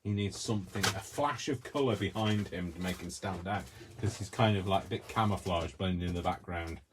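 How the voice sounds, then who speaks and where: A man's voice: deep voice, a little fast, noisy background. A man hosting a crafting video, chatting in a rambling, self-deprecating way as he works. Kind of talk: casual chat while crafting.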